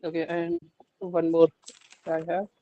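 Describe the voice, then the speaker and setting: A man's voice: sits high, sing-song, measured pace, creaky, no room sound, dull audio. A male student hesitantly asking questions in an online class, politely addressing the teacher. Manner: hesitant, polite, says ma'am often.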